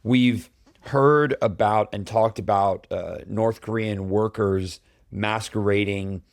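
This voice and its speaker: A man's voice: lowish voice, fairly even intonation, takes it slowly, no echo. A man hosting a cybersecurity podcast, chatting casually with frequent fillers and restarts. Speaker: podcast host. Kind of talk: casual chat.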